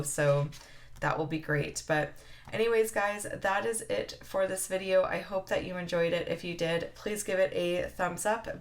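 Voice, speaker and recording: A woman's voice: deep voice, fairly bright tone. A woman in her thirties chatting heartfelt to camera as a planner vlogger, with lots of fillers. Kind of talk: casual chat to camera.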